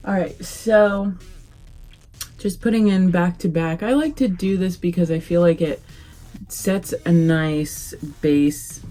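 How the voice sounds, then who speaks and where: Slow, low-voiced woman chatting casually. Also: faint music behind. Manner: relaxed, rambling, many fillers. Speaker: beauty vlogger. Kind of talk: casual makeup tutorial chat.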